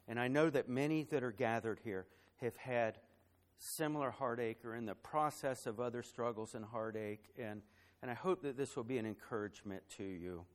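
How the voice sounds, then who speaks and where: A man delivers a sermon from the pulpit in a mid-range voice. He climbs in pitch and volume to stress his points, then sinks low and quiet. In the personal parts he stumbles over repeated words and fillers. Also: moderate pace. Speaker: pastor.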